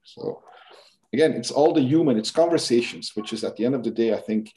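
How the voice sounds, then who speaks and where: Brief: male guest expert, warm mellow tone, conversational, restarts often. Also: mid-range voice, a little fast. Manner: animated explaining, frequent restarts and "kind of". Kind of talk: interview conversation.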